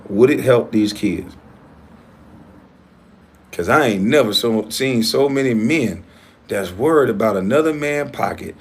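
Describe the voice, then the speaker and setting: A man hosting his own online show, ranting in a heated, profane and combative way, swinging between loud outbursts and low muttering. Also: slightly rough. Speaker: YouTube show host.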